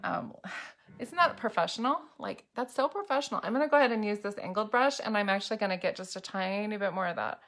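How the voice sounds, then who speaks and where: A woman with a mid-range, slightly bright voice talks at a quick pace while showing eye makeup on a home livestream. Chatty and bubbly, she chats casually with viewers and addresses them by name. Both a ring light and window light brighten the room.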